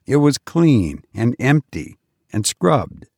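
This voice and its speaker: A man narrating a short story in slow, measured tones as the host of a podcast. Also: medium pitch, animated, darkish tone, dry recording, studio quality.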